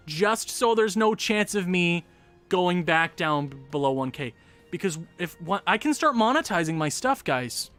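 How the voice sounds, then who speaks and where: A young man hosting a gaming livestream, rambling casually and chatting to viewers in quick asides. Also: high voice, animated, a bit bright, clear, resonant tone, faint music behind.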